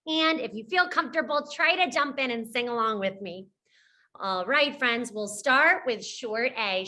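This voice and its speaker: A woman's voice: fairly high pitch, bright, forceful tone. A young woman teaching a phonics lesson to young children, encouraging them and singing simple letter-sound songs. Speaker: pre-K teacher.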